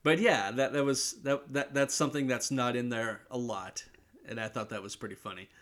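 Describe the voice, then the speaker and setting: Bright-voiced man chatting about a film. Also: medium pitch, fairly even intonation, fairly quick. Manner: chimes in with extra details and laughs. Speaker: podcast co-host. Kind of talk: casual movie recap chat.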